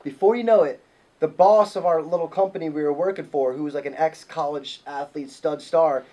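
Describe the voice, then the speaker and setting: This casual podcast story comes from a male host whose voice is pitched high, well beyond the usual male range. Swearing and getting worked up, he stacks detail upon detail as things build, talking slightly quickly over lo-fi audio.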